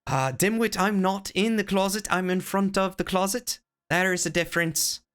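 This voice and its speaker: A man chatting casually on a live game stream, playful and joking, sometimes hamming up a deliberately bad Irish accent, at a desk microphone at home. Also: sits high, a bit bright, clean tone. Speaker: variety streamer. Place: home room with closet doors.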